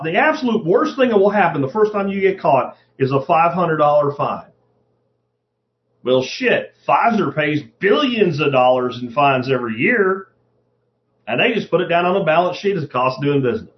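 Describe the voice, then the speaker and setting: A middle-aged man hosting his podcast in a casual, profane monologue, often acting out the voices of people he quotes. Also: high voice. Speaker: podcast host. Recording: dull lo-fi podcast audio.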